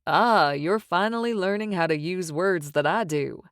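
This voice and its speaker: A woman's voice: on the low side, moderate pace, clear, resonant tone, no echo, studio quality, close to an everyday voice. A woman reading the part of a teasing, cocky male wizard in an audiobook, with mocking, sing-song taunts. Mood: flirtatious.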